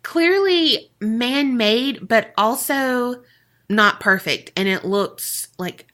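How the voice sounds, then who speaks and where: A woman's voice: a little high, animated, slow, fairly bright tone. A woman co-hosting a podcast, telling a story in a casual, profane way and laughing often. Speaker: podcast co-host.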